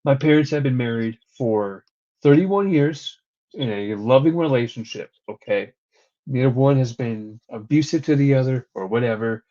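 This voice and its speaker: A man's voice: medium pitch, moderate pace, dark tone. Profane, rambling young man chatting. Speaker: podcast co-host. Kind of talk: casual wrestling recap chat. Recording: dull lo-fi recording.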